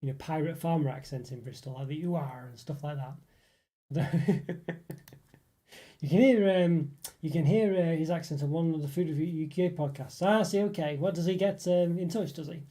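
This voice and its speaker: A man's voice: on the high side, moderate pace, warm tone. A young man hosting a casual live stream, rambling and chatting with viewers, with lots of fillers and restarts. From northeast England. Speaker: livestream host reading chat.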